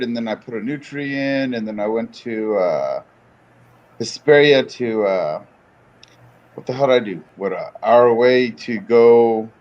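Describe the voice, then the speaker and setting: Laid-back slangy man, lo-fi sound. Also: mid-range voice. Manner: laid-back and slangy, calls people dude. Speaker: guest on a stream. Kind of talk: casual chat. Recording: dull lo-fi sound.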